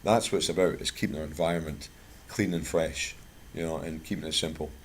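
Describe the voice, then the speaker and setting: A man's voice: a bass voice, a little fast, slightly rough. A Scottish man from Scotland giving a chatty, plain-spoken talk to a bird club, mixing product advice with anecdotes. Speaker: guest speaker at a bird club.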